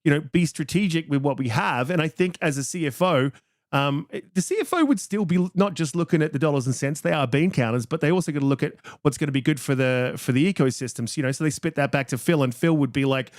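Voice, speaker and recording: A man's voice: a little high, quick pace, no room sound, clean studio sound. A man hosting a casual podcast, talking things through in a reflective way and often restarting his phrases. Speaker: podcast host.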